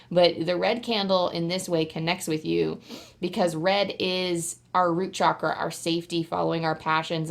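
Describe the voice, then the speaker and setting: A woman giving a casual pick-a-card tarot reading straight to camera, talking in a chatty, rambling way full of "like" fillers and sometimes bursting into excited squeals. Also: on the low side, gravelly.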